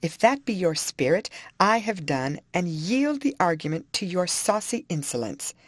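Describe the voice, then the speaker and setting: A woman reading an audiobook, voicing a proud, sharp-tongued young lady of the house who speaks scornfully and emphatically. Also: fairly low pitch, sing-song, moderate pace, no room sound, voice pushed up. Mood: emphatic.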